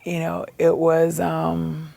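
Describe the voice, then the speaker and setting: A woman candidly recounting her own life in a documentary, halting and reflective, with music behind her. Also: low voice, completely flat delivery, vocal fry, dark tone. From Baltimore, USA. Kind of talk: personal documentary testimony. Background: background music.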